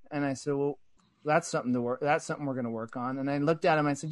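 A man in a business podcast conversation, telling a workplace story in an earnest, animated way with frequent restarts. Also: on the high side, fast, dry recording, studio quality. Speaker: sales executive guest.

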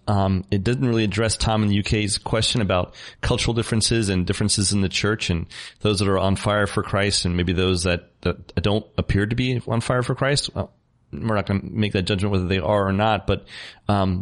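A man co-hosting a podcast, wrapping up in a measured way with fillers. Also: fairly low pitch. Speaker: podcast co-host. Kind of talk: casual podcast talk.

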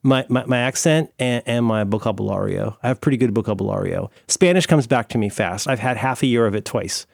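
A man's voice: medium pitch, fairly quick, vocal fry, few pauses, no echo, studio quality. A man co-hosting a podcast, bantering casually and tossing in jokes and mock bits. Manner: jokey, tosses in bits and mock Spanish. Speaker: podcast co-host.

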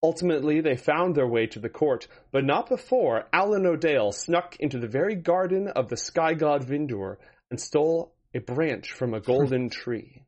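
A man's voice: on the high side, animated, moderate pace, hardly any pauses, darkish tone, dull audio. A man narrating a fantasy campaign recap as the dungeon master, with a dramatic storytelling cadence. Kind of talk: narrating a tabletop game recap.

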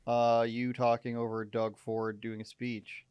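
Deadpan teasing man. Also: mid-range voice, clean tone, no room sound, dull audio. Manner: teasing, deadpan, quick laughs. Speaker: podcast host. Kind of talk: casual podcast chat.

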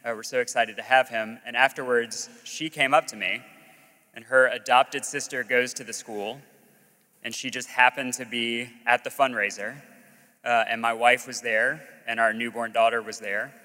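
A man's voice: medium pitch, fairly even intonation, moderate pace, pushed and bright, long reverb tail. A young man, a school chaplain from the Alabama Gulf Coast, tells a personal story to an audience in a candid, self-mocking way with frequent "uh" fillers. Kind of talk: personal story told on stage.

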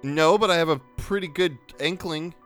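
A man's voice: fairly high pitch, moderate pace, a bit bright, soft background music, pitched above the performer's own voice, lightly acted. A man doing an angry, stammering teenage boy. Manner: confrontational, swearing, stammering. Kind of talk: tabletop role-play.

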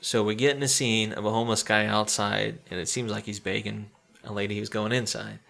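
A man in his forties with a gravelly yet bright voice chats casually about a movie. He laughs often, curses freely, and slips into quoted lines as he tells it. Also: fairly low pitch, steady tone, a little fast. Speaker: podcast co-host. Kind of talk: casual movie review chat.

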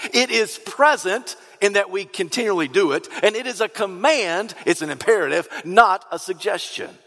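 High-voiced preacher in a reverberant hall. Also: male voice, a bit bright. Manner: emphatic, repetitive, rising into sung cadences. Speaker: pastor. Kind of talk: sermon. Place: church sanctuary. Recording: long reverb in a large hall.

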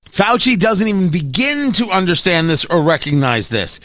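A man's voice: high voice, animated, moderate pace, fairly bright tone, dry recording. A middle-aged man hosting a talk radio show, delivering an opinionated monologue in a sarcastic, combative way.

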